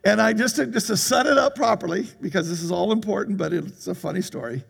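An older man preaching a sermon to his congregation, telling a story in an animated way and laughing as he goes. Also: sits high, fast talker, vocal fry, breathy edge. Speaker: pastor. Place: church hall.

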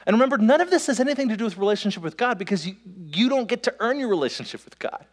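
A man preaching a sermon as pastor, in a conversational way, with quick asides and restarts. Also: high voice, expressive. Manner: conversational, self-interrupting, with quick asides and laughs. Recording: long hall reverb.

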